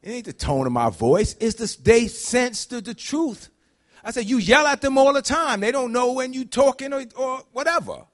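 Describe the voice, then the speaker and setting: A man preaching a conversational sermon, dropping to low murmurs and climbing to high shouts. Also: lively intonation, moderate pace. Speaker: pastor.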